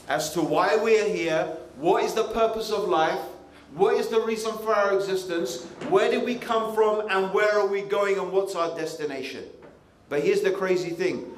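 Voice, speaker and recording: A man from the United Kingdom preaching a lively, conversational sermon to young people, full of asides. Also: high voice. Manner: animated, conversational, frequent asides. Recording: echoey hall, faint ambient noise.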